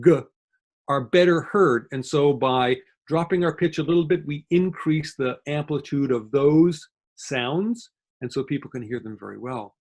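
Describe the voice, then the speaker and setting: A man giving an online lecture as a guest speaker, talking quickly and explaining step by step, with frequent fillers and self-corrections. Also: mid-range voice, a little mellow. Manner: fast-talking. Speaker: guest lecturer on dementia communication.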